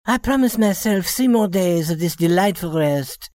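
A woman's voice: on the low side, animated, moderate pace, warm tone, dry recording, studio quality, close to an everyday voice. A woman voicing a young shop girl posing as a rich lady, speaking politely in a scripted story reading. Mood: genteel. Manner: polite, genteel, then plainly candid.

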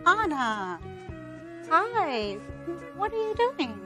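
Woman, high and very lively pitch, slow friendly lines, music underneath. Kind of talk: scripted lesson dialogue.

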